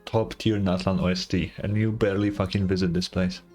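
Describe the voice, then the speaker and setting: Young man streaming, very deep voice, casual swearing, game music underneath. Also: level tone, fairly quick. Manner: casual, profane, joking. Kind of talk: game reaction commentary.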